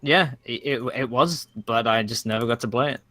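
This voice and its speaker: A man's voice: mid-range voice, fairly quick, bright, forceful tone, no room sound. A man co-hosting a casual podcast chat, teasing his friends in a dry way. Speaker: podcast co-host.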